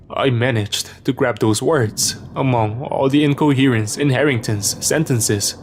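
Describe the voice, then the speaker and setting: A man reading a scripted first-person horror story as narrator, in a steady storytelling manner. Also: medium pitch, unhurried, few pauses, faint music behind.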